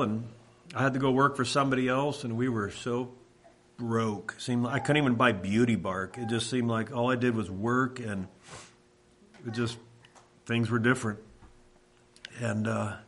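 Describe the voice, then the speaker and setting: A middle-aged man from Washington telling a personal faith testimony in a halting, reflective way, often pausing and restarting. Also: medium pitch, a bit bright, a little hiss or hum. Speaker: speaker sharing a testimony.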